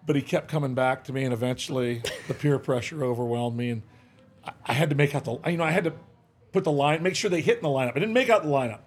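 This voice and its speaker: A man's voice: medium pitch, fast talker, slightly rough. An older man, a former baseball manager, telling stories as a podcast guest in a casual, folksy way, acting out the quotes he tells. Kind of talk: casual interview storytelling. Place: podcast studio.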